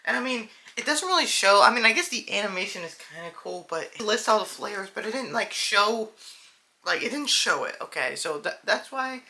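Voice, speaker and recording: A man's voice: high-pitched, very animated, a little fast, creaky, sharp tone. A young man hosting a casual reaction video, rambling with lots of fillers and calling the viewers "dude" and "guys". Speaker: video host.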